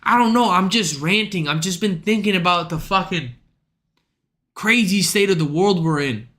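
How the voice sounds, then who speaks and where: High, bright-voiced ranting male streamer. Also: normal speed. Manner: profane, ranting, slangy. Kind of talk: livestream rant.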